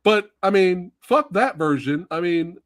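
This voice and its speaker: A man hosting a casual movie review chat, gushing and excitable, swearing freely. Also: high-pitched, unhurried, no echo, clean studio sound. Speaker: podcast host.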